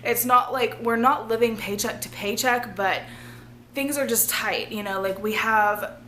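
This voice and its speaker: A woman, hoarse and losing her voice, talking casually and earnestly to her viewers in a rambling vlog, often laughing. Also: a little high, fairly even intonation, measured pace, sharp tone, a little hiss or hum. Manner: rambling, earnest, laughs often, drops to a near-whisper at times. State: losing her voice, feeling ill. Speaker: vlogger.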